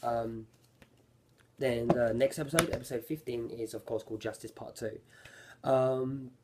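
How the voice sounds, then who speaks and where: A man's voice: medium pitch, fairly even intonation, unhurried, warm tone, a little hiss or hum. A man giving a casual, rambling review of an anime episode, often correcting himself mid-sentence. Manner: rambling, self-correcting, lots of fillers.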